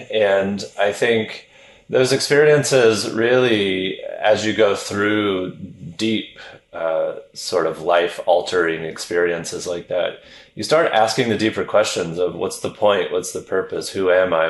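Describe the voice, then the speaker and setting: Deep-voiced man, reflective and roomy. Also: steady tone. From American South. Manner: reflective, measured storytelling. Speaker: neuroscientist guest. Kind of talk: podcast interview.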